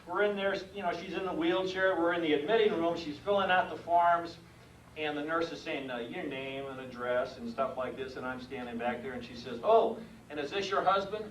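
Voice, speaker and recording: An older man giving a humorous speech about his work as a mailman, animated, chuckling at his own jokes and acting out sounds. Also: fairly high pitch, brisk, a little hiss or hum. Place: meeting room with audience. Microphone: far room mic. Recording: echoey room from far off.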